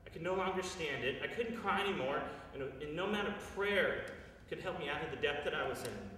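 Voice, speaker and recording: Thirties guy telling a true story on stage, earnest and confessional, bright voice, echoey hall, mic far away. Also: on the high side, animated, fairly quick, slight background noise. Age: 30s. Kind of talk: live personal storytelling. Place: stage at a live storytelling show.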